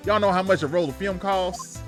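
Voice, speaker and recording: A man voicing a brash Southern country woman photographer with an American Southern accent and a loud, feisty drawl. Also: sits high, a little fast, soft background music, voice pushed up, natural voice.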